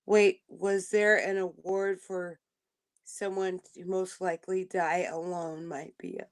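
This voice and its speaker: Slow-talking laughing woman co-host. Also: on the low side, little pitch movement. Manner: laughs often, quick apologetic interjections. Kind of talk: casual livestream chat.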